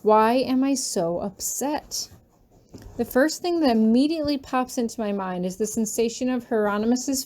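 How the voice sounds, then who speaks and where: A woman reads a fanfiction chapter aloud as a first-person audiobook. Her voice is fairly high but mellow and warm-toned, never bright. She delivers the narration earnestly, leaning into its emotional moments. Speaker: fanfiction reader.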